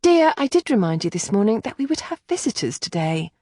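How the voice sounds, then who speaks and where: A woman reading an audiobook, voicing a gentle, earnest young gentlewoman who chides softly. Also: mid-range voice, very animated, a little fast, slightly rough, dry recording.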